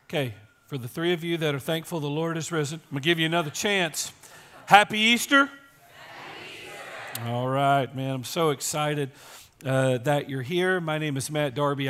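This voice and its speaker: A man preaching an Easter sermon to his congregation as pastor, his voice strained and squeaky today, joking and teasing the crowd as he talks. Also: a bit bright, slight background noise. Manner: joking, playful, teasing the audience. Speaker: teaching and campus pastor. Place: church service.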